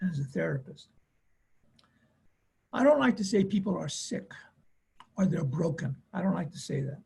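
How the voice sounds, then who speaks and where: A man with a heavily gravelly, husky voice and a fairly high pitch gives a teaching talk as a family therapist. He speaks earnestly, repeats his points for emphasis, and tells stories from his practice. His tone is dark and mellow. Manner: earnest, repetitive, acts out quoted voices. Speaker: family therapist and webinar presenter.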